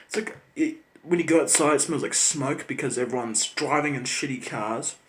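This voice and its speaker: A man's voice: medium pitch, moderate pace, fairly bright tone. A man with a New Zealand accent, ranting in an angry, sarcastic vlog monologue full of swearing. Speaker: channel host.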